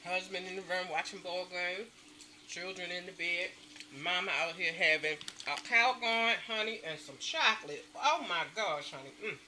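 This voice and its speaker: A woman vlogging from home late at night, chatting to her viewers and calling them honey and y'all at every turn, with loud emphatic stresses. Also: fairly low pitch, normal speed, a little hiss or hum. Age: adult mother. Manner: emphatic, stresses words with bursts of loudness. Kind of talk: casual chat to camera.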